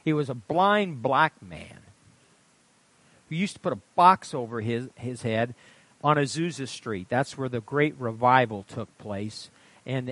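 A man preaching a sermon in an impassioned storytelling manner, swinging from loud outbursts to hushed asides. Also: medium pitch, dry recording. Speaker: pastor.

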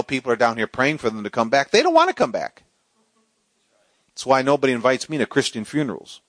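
A middle-aged man preaching a sermon, swinging from loud, soaring exclamations to quiet storytelling. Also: fairly high pitch, no echo.

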